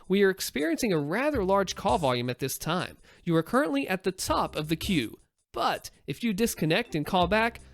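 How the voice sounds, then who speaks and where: Narrator putting on a mock-polite call-center agent. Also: mid-range voice. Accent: put-on Indian accent. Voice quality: formal, courteous phrasing. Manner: mock-polite, slyly sarcastic.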